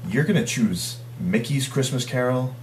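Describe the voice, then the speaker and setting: A man's voice: medium pitch, moderate pace, echoey room, a little hiss or hum. A man co-hosting a casual chat, giving blunt, opinionated takes.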